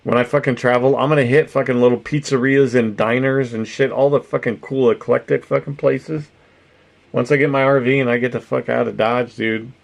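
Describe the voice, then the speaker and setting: A man's voice: medium pitch, steady tone, brisk, creaky. A man chatting casually with viewers on a stream, rambling, swearing freely and laughing often, with no particular accent. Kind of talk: casual livestream chat.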